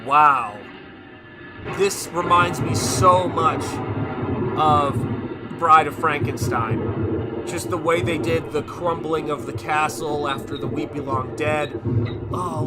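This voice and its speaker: Streamer guy gushing through a movie watch party, slightly high voice, faint music. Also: slow pace. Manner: gushing, enthusiastic asides. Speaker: live stream host.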